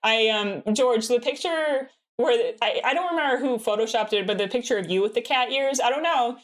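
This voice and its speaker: A woman's voice: on the high side, brisk. A young American woman streaming a game and chatting casually with her viewers, giggling often and filling her talk with "like.". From United States. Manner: giggly, bubbly, peppers speech with "like".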